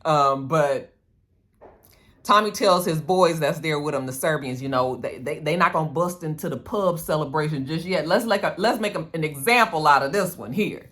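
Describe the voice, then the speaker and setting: A reviewer giving a casual, slangy and profane recap of a TV episode, full of quick side comments. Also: medium pitch, a bit bright.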